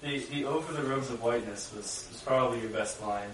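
A man adds short, casual remarks to a group discussion in a medium voice. He sits away from the mic in an echoey room. Soft background hiss stays under the voice. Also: mid-range voice, a little fast. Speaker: study group member. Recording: roomy room, distant mic.

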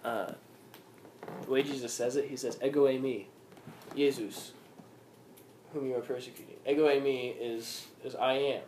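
A man teaching a casual Bible study at a middle pitch, reading passages aloud before unpacking them with questions to the group. The room sounds roomy and echoing. A faint hiss of background noise sits under his voice. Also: steady tone, moderate pace, long pauses, a little mellow. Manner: reads scripture aloud, then explains with questions to the group.

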